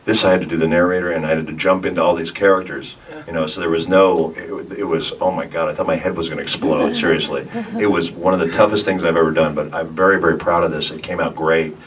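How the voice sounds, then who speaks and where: Deep-voiced man telling stories on a panel. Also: quick pace. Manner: animated storyteller, puts on voices in anecdotes. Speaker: voice actor at a convention panel. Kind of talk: panel talk with audience. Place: convention panel room. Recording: noisy hall, miked from a distance.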